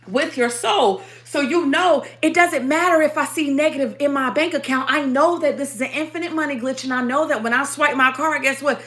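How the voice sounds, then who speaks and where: A woman's voice: sits high, bright, forceful tone. A woman hosting a spiritual livestream sermon, speaking in with emphatic, repetitive affirmations and profanity.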